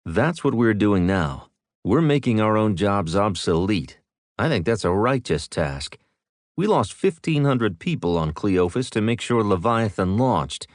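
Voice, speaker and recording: Audiobook: blunt male major, commanding, low and close, read by a narrator. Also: no room sound, close to an everyday voice. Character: blunt male military major, team leader.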